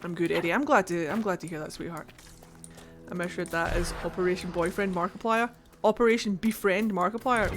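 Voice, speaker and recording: A woman with a Scottish accent streaming a game from home, chatting casually with viewers, excitable and swearing freely. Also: lowish voice, brisk, faint music behind. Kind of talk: casual livestream chat while playing.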